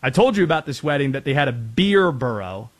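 A man's voice: mid-range voice, big pitch swings, fairly quick. A man from North Carolina hosting a casual sports talk show, chatty with rambling asides. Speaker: sports radio host.

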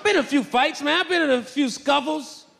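A man doing a stand-up comedy set on stage, animated and breaking into loud shouted bits. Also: extremely high pitch, a little fast, creaky, noisy background. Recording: reverberant hall with faint ambience.

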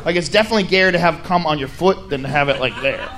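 A young man performing a crude stand-up routine on a handheld mic, lively and animated, breaking into loud shouts. His voice sits high for a man. Steady noise fills the live venue around him. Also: quick pace, a crowd in the background. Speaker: stand-up comedian. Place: comedy stage before a live audience.

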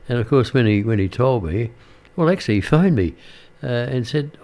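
A man's voice: medium pitch, very animated, moderate pace, darkish tone. An older man, a radio presenter chatting casually and rambling with many fillers and restarts.

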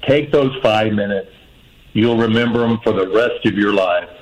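A man's voice: fairly low pitch, moderate pace, low-quality recording. A man phoning in to a radio show, offering friendly, earnest advice and repeating his main point. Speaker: caller. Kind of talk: phone-in advice.

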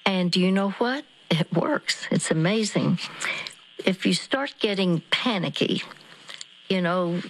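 Slow, gentle woman counselor on radio. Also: on the low side, rough recording.

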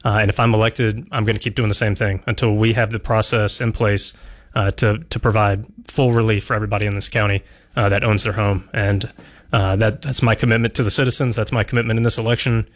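A man with a somewhat low voice answers a radio host's questions as a political candidate. He speaks earnestly and in measured phrases, often pausing on an "uh" or restarting a sentence. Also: steady tone.

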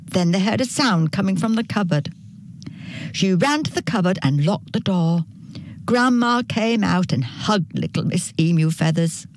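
A woman reading a children's story aloud in an animated storybook style. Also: mid-range voice, no echo. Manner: slow, animated storybook narration.

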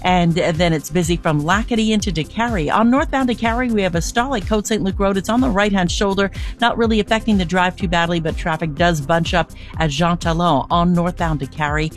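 A woman giving a brisk radio traffic report, listing stalled trucks and slowdowns. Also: fairly low pitch, soft background music.

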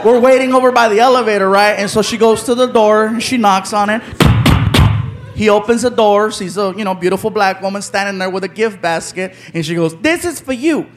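High-voiced man telling stand-up stories. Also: brisk, music in the background. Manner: loud, animated, acts out characters' voices. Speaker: stand-up comedian. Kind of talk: stand-up storytelling. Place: comedy stage before a live audience. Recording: live show with crowd noise.

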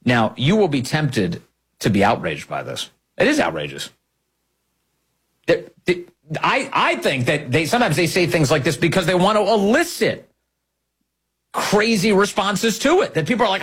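Husky man delivering emphatic commentary. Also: high voice, sing-song, normal speed, a bit bright. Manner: emphatic, scornful, repeats phrases for effect. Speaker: political commentary host. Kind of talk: political commentary monologue.

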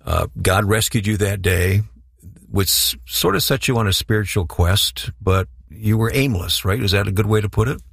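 A man's voice: on the low side, normal speed, creaky, fairly bright tone, slightly rough, no room sound, clean studio sound. A man hosting an interview, guiding his guest with curious questions. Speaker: interviewer host. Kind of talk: conversational interview.

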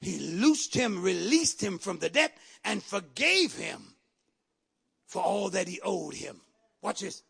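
A man's voice: sits high, big pitch swings, slow, creaky, a bit bright, breathy edge. A man preaching a sermon, reading scripture and breaking in with emphatic repeated asides.

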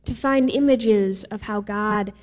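A woman's voice: mid-range voice, slow, darkish tone. A woman preaching a sermon in a casual, playful way with some filler words. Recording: reverberant hall.

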